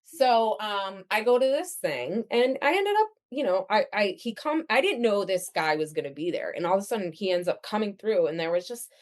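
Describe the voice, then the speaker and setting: A woman's voice: mid-range voice, moderate pace, few pauses. A woman in her thirties, a podcast guest telling her own story in a casual, chatty way with plenty of fillers. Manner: chatty, animated, lots of fillers.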